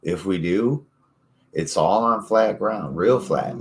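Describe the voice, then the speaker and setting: Deep-voiced forties male host, unhurried, swears easily, loose storyteller. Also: lively intonation, creaky, noisy background. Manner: profane, easygoing storytelling. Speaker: podcast host. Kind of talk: casual chat.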